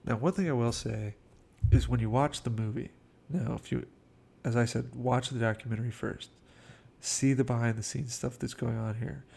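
A man's voice: medium pitch, fairly even intonation, moderate pace, creaky, darkish tone, slightly rough. A man casually telling behind-the-scenes film anecdotes in a chatty way, acting out quotes. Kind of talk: casual storytelling commentary.

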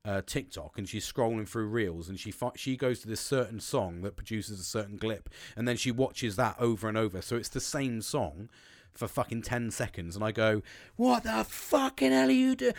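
A man's voice: fairly low pitch, moderate pace, no room sound. A man speaking bluntly and swearing often in a frank, casual monologue about communication.

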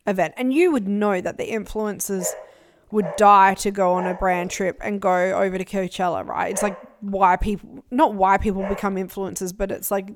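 Over crowd noise, a young female podcast co-host dishes on influencer drama in a lively, casual chat. She speaks at normal speed in a mid-range voice, slipping into put-on voices when she quotes people.

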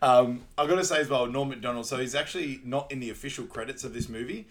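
A man's voice: medium pitch, fast talker. A man co-hosting a casual podcast, recapping a movie and often laughing as he acts out lines. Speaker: podcast co-host.

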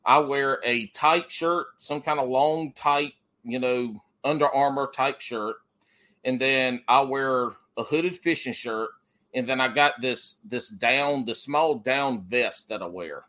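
A man's voice: mid-range voice, slow, bright, forceful tone. A man, hosting a casual chat and telling rambling, profane stories full of restarts. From Southern US.

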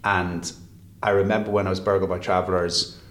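A man's voice: low-pitched, level tone, a little fast. An Irish man chatting as a guest, rambling and often restarting his sentences. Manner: rambling, self-interrupting storyteller. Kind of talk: casual chat. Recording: roomy echo.

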